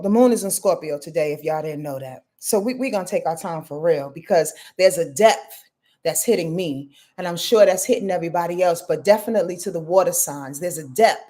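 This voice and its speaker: A woman's voice: on the low side, dark tone. Heartfelt rambling woman in her fifties. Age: 50s. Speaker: astrologer hosting a live reading. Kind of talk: casual live talk.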